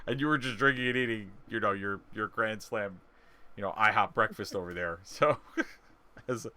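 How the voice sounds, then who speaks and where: A man's voice: fairly low pitch, normal speed, bright, forceful tone. A man narrating as game master of a tabletop game, rambling with frequent fillers and laughs.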